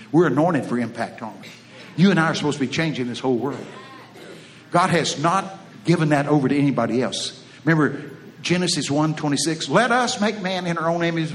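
A man's voice: fairly high pitch, expressive, brisk. A middle-aged man with a Texas accent, preaching in a folksy, joking way full of homespun stories. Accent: Texan. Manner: folksy, joking, drawling Southern phrasing. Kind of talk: folksy sermon with storytelling.

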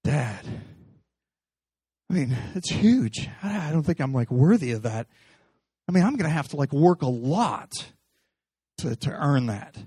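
A man's voice: on the high side, very animated, a little slow, pauses often, mellow, husky, dry recording, clean studio sound, pitched below the performer's own voice, exaggerated voice. A man putting on the voice of his hesitant, overwhelmed teenage son, who mumbles and restarts as he speaks. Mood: earnest.

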